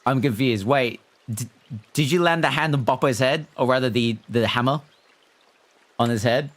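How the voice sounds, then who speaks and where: A man's voice: medium pitch, moderate pace. A man streaming live, chatting casually and animatedly with his viewers and reading their messages aloud. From not American. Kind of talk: casual livestream chat with viewers.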